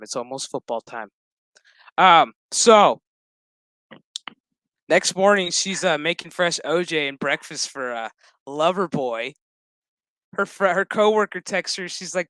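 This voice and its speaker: A man's voice: a little high, expressive, takes it slowly, long pauses, pushed and bright, smooth, dry recording. A man streaming a casual reaction review of a show to his chat, retelling scenes in a sassy, profane, exaggerated way. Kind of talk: casual crude reaction commentary.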